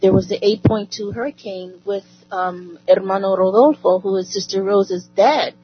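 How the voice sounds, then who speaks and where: A woman's voice: medium pitch, moderate pace, a little hiss or hum. Heartfelt woman rambling through a church testimony. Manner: heartfelt, rambling, with devout phrases. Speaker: church member giving a testimony. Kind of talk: spoken testimony at an online prayer service. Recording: muffled lo-fi call audio with faint music.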